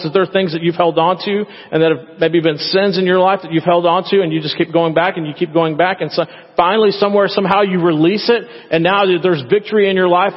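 A male pastor preaching a sermon in a church, talking conversationally and acting out prayers in quoted voices. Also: high voice. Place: church sanctuary. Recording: echoey hall, dull lo-fi sound.

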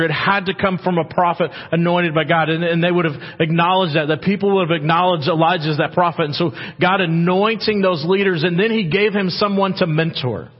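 A man preaches in a church, his husky, somewhat high voice rising as he acts out God's words. The sound is dull and muffled, carried by a long reverb through a big hall. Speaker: pastor. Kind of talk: sermon.

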